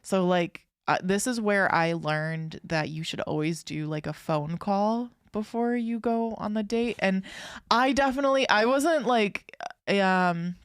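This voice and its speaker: A woman's voice: mid-range voice, a little slow, smooth, no room sound, studio quality. A young woman co-hosting a podcast, chatting casually and rambling through a story with many fillers and restarts. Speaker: podcast co-host.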